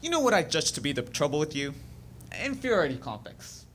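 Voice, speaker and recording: A man's voice: a little high, sing-song, quick pace, fairly bright tone, slight background noise. A man acting out a confident young man who fancies himself a judge of people, speaking earnestly and a bit boastfully in a stage monologue. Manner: earnest, self-assured, a little boastful.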